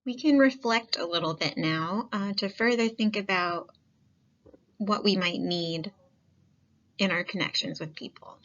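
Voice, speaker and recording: A woman giving a calm, coaxing life skills lesson. She asks the listener many reflective questions and often says "um". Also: medium pitch, measured pace, dull audio. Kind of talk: gentle reflective lesson talk.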